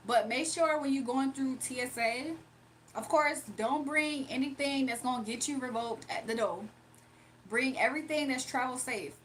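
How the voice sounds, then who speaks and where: A woman's voice: high-pitched, moderate pace, fairly bright tone, a little hiss or hum. A woman hosting a casual livestream from home, reading and answering viewers' chat with frequent laughs. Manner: chatty, laughs often, answers viewers directly. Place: home, early morning.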